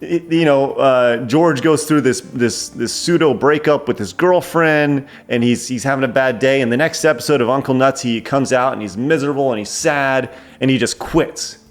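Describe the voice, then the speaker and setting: A man chatting excitedly as a guest film reviewer, rambling with frequent restarts. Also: mid-range voice, moderate pace, few pauses. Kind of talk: casual film review chat.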